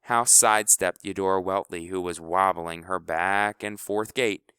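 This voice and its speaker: Smooth, low-voiced male storyteller. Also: fairly even intonation, a little slow, sharp tone, dry recording, clean studio sound. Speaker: audiobook narrator. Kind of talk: storybook narration.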